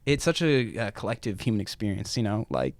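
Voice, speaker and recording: A man's voice: on the low side, very animated, brisk, no echo. A young man from Minnesota, a guest musician, chatting openly and easygoingly, laughing often. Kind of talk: casual interview chat.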